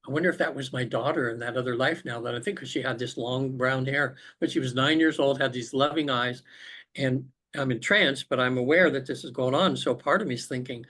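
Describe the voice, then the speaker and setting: A man's voice: medium pitch, steady tone, fairly quick, a bit bright. A man, a podcast guest, earnestly recounting a personal spiritual experience over a remote call. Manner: earnest, reflective storytelling. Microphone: remote call connection.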